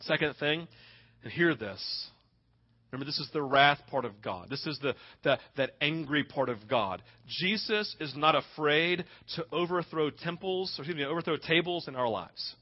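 A man's voice: on the high side, lively intonation, normal speed. Impassioned male preacher, lo-fi sound. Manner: impassioned, dramatic storytelling, frequent "right?". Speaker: pastor. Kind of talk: sermon. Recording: dull lo-fi recording.

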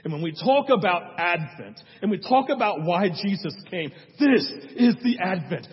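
Male pastor, high husky voice, emphatic storyteller, sermon in a dull echoey hall. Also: very animated, a little slow, hardly any pauses. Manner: emphatic storytelling with repeated phrases.

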